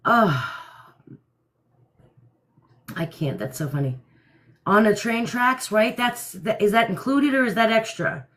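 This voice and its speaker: A woman's voice: medium pitch, expressive, slow, long pauses, fairly bright tone. A middle-aged woman hosting a casual livestream from home at night, blunt and laughing often. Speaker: livestream host. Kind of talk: casual live chat.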